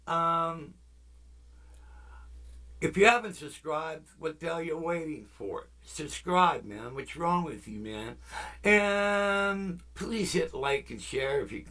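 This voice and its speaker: A man's voice: a little high, sharp tone. Guy rambling on his music vlog, lots of ums and side stories, laid back and jokey, talks right at viewers. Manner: rambling, full of fillers and tangents. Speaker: music channel host. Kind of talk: casual rambling vlog chat.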